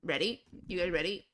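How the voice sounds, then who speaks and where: A young adult woman livestreamer in casual, giggly chat at a desktop mic. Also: on the low side. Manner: chatty, giggly, self-amused.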